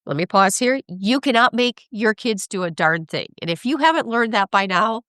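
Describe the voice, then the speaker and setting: A woman speaking as an expert guest in a conversational interview, animated, acting out parents and kids, often asking "right?". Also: medium pitch, normal speed, no room sound, studio quality. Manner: animated, acts out parents and kids in quoted voices; frequent laughs and "right?" tags.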